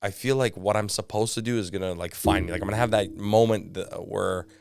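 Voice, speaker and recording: Low, smooth-voiced Canadian comedian man. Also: fairly quick. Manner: animated storyteller, lots of fillers and asides. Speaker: guest comedian. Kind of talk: casual podcast chat.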